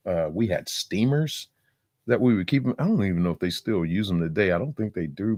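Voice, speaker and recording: A man's voice: lowish voice, a little mellow, no echo, studio quality. A man rambling casually and profanely through commentary, dropping sound-effect fillers and laughing now and then. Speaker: reaction streamer.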